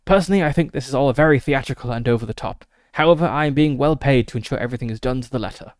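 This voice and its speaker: A man's voice: mid-range voice, racing, no echo, studio quality, natural voice. A man voicing an aging male solicitor who speaks in a formal, courteous and businesslike way.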